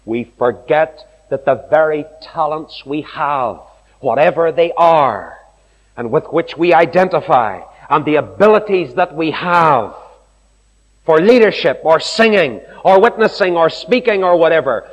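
A male preacher giving an animated sermon, telling stories and acting out the voices of the people in them. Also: on the high side, normal speed. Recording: long hall reverb.

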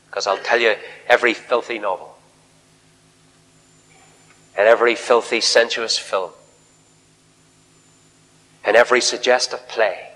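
A low-voiced man preaches a fiery revival sermon in a big church hall, moving from loud, shouted appeals down to quiet near-whispers.

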